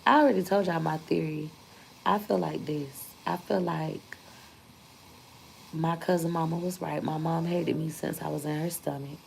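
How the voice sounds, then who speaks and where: Speaking candidly to her viewers in a casual vlog, a young woman emphasizes her story by repeating points for force. Her deep, gravelly voice holds a steady tone at a moderate pace, and the poor audio has slight background noise.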